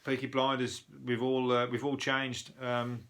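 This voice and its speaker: A Brummie comedian from Birmingham, England hosts a show, rambling through news stories in a sweary monologue and laughing at his own jokes. His mid-range voice is fairly bright, delivered completely flat at a measured pace.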